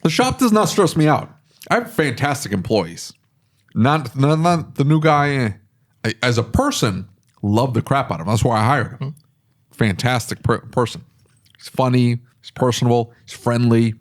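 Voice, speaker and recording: A man, a podcast host who owns a repair shop, talking casually and telling animated stories with laughs. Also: normal speed. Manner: animated storytelling with laughs, sudden high pitch for quoted voices.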